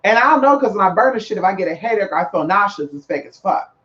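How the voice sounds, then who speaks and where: A sassy, flamboyant man with a notably high voice, talking straight to his viewers in a loose, chatty way and tossing around "girl" and "honey". The sound is a bit dull and lo-fi. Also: lively intonation, fast talker, pushed and bright. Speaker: spiritual practitioner talking to viewers. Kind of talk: casual live chat.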